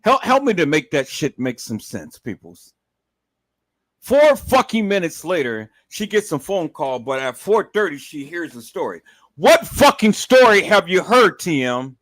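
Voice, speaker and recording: A man's voice: fairly high pitch, very animated, unhurried, no echo, poor audio. Angry, profane man ranting on a livestream. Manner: profane, angry, repeatedly addressing the audience. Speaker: livestream commentator. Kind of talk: heated livestream commentary.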